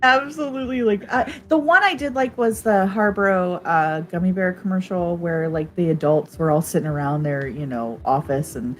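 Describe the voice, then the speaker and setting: Woman on a live stream, laughs a lot, animated storyteller, lowish voice, faint music behind. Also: normal speed, few pauses. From United States. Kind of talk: casual chat.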